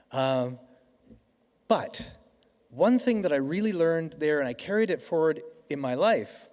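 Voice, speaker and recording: A man's voice: a little high, lively intonation, slow, pauses often, darkish tone. A middle-aged Canadian man giving a convocation keynote, telling stories in a conversational way with frequent restarts. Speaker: keynote speaker. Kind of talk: convocation speech. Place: large hall. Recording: reverberant hall.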